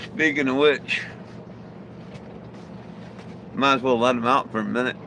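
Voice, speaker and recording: A man's voice: medium pitch, steady tone, a little slow, noisy background. A man vlogging outdoors, chatting casually and cooing affectionately at his dogs. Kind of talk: casual talk to camera and pets.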